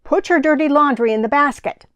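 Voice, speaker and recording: A woman voicing a strict, bossy father in a storybook, firing off a string of quick orders and scolding questions. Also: high-pitched, fairly bright tone, dry recording, voice pushed up. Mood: nagging. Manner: rapid-fire scolding, commanding.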